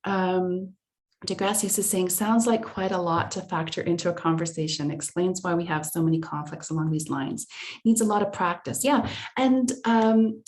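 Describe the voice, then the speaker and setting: A woman's voice: lowish voice, moderate pace, a little mellow. A woman presenting a live online workshop, answering audience chat comments aloud in a conversational way, often restarting her sentences as she thinks aloud. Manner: frequent restarts and fillers while thinking aloud.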